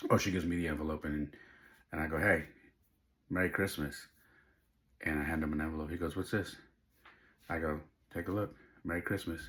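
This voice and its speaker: A man's voice: extremely low pitch, fairly bright tone. A middle-aged man hosting a podcast, telling a personal story in an emotional, tearful way while crying. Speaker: podcast host.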